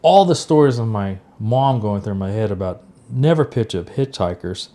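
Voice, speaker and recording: On a podcast he co-hosts, a middle-aged man with a lowish voice recounts a personal story at a moderate pace. He's a lively, casual storyteller who performs the quoted lines of the people involved.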